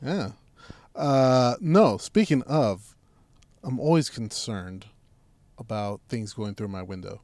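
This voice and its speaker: A man's voice: mid-range voice, expressive, takes it slowly, long pauses, darkish tone, dry recording. A young adult man co-hosting a podcast, telling a long rambling story in casual, profane chat full of fillers. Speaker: podcast co-host.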